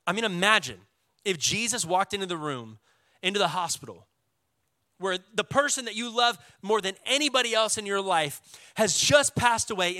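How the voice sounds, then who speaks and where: A man with a Texan accent, a pastor preaching a sermon in a lively, casual way with call-and-response. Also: high-pitched, no echo.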